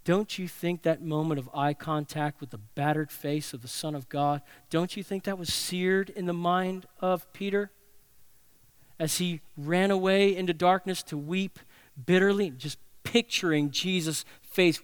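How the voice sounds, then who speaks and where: A man preaches a sermon in a fairly high, smooth voice. He tells the story dramatically, swinging between loud passages and hushed ones. The sound is dry. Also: steady tone, normal speed, no echo. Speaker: pastor.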